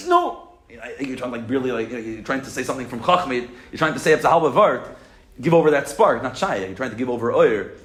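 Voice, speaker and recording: Animated man teaching in an echoey room. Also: mid-range voice. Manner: animated, acts out "I got it" moments, asks and answers himself. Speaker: Torah teacher. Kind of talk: Chassidus class lecture.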